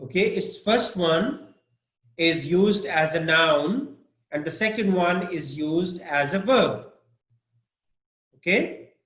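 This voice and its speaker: Male English teacher, slow and halting, slightly high voice, echoey room. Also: animated, a bit bright. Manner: slow, halting, many fillers and "okay?" checks. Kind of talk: live pronunciation lesson.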